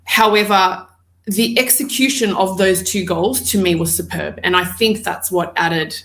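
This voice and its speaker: A woman, a podcast guest, talking football with enthusiasm in long, excited stretches. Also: lowish voice, measured pace, reverberant. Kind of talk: casual football chat.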